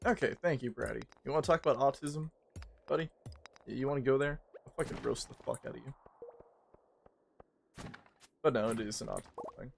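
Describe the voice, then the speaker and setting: A male streamer talks in a casual, rambling way and swears freely as he jokes. His voice has a gravelly fry at mid pitch, with a faint hiss of noise under it. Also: fairly quick, long pauses. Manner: profane, rambling, joking. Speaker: livestreamer.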